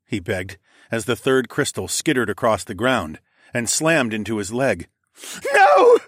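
A man narrating a first-person fantasy audiobook in a measured, dramatic way. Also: on the low side, a bit bright, dry recording, clean studio sound.

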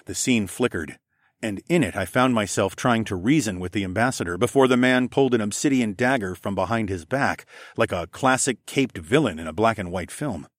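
A man's voice: lowish voice, brisk, no room sound, studio quality. A man narrating a first-person fantasy audiobook expressively, acting out the dialogue.

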